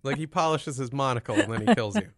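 A man's voice: medium pitch, expressive, quick pace, no echo, clean studio sound. A young man hosting a casual podcast, joking and sarcastic. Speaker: podcast host.

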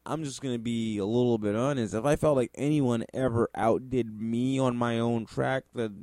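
A man rants in commentary, heaping sarcasm and curses on what he critiques. His voice sits at an ordinary middle pitch. The sound is dry and close, with no room around it. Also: steady tone, normal speed, a little mellow, no room sound. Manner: sarcastic, profane, exasperated. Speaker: music commentator. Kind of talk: ranting commentary.

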